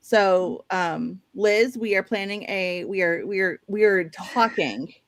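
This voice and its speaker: A woman's voice: mid-range voice, slow pace, no room sound. Chatty St. Louis woman hosting a livestream. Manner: chatty, reads viewer comments aloud. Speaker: livestream host. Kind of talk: casual chat.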